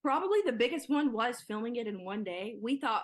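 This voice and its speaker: A woman's voice: a little high, animated. A young woman guest in an interview, talking casually with lots of "like" and "yeah" fillers. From Nigeria. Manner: chatty, quick, many "like" and "yeah" fillers. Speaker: guest, filmmaker.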